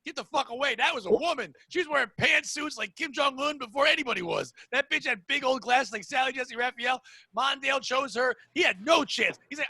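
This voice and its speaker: Man, podcast co-host, high voice, bright, ranting, crude, swearing. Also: a little fast, creaky, breathy edge, dry recording. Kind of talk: casual comedic podcast banter.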